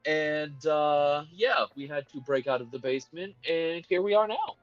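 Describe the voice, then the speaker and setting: A man's voice: on the high side, normal speed, dry recording, dull audio, soft background music. A man casually recapping a tabletop game session, rambling with lots of fillers. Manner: rambling, hesitant with many fillers. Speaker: player giving session recap.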